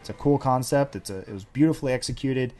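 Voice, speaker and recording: A man's voice: medium pitch, quick pace, warm tone, faint music behind. Dry, sarcastic man hosting a Q&A. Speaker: host answering viewer questions. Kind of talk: casual Q&A chat.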